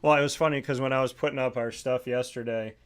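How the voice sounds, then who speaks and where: Male talk show host, mid pitch, animated anecdote-teller with a knack for impressions. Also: quick pace, clear, resonant tone. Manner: animated storyteller who does impressions. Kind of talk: casual sports talk show chat.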